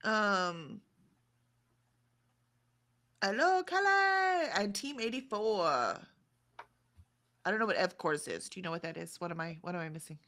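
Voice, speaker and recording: Woman in her forties, livestream co-host, bright and chatty, reads chat aloud. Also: fairly low pitch, lively intonation, normal speed, long pauses. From Texas, USA. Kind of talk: casual chat reading out live chat.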